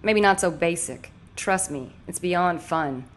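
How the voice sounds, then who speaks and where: A woman reading the lines of a smug, amused man who casually coaxes his friend toward something dark, in an audiobook. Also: on the low side, measured pace, natural voice. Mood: coaxing. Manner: casual, grinning, persuasive.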